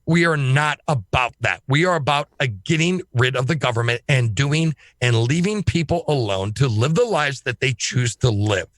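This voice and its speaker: A man speaking as a guest on a podcast, talking in an emphatic, excitable way and swearing freely. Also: mid-range voice, moderate pace, hardly any pauses, dry recording, studio quality. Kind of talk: casual podcast chat.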